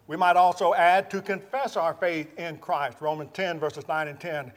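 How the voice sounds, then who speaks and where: A man preaching a sermon, teaching from scripture in a measured, emphatic way. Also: a little high, fairly even intonation, in a large hall.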